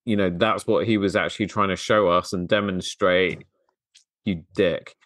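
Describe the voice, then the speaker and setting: Low-voiced self-deprecating British man. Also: fairly even intonation, moderate pace, a bit bright. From London, England. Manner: self-deprecating, easy laughter. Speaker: podcast host. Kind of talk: podcast interview.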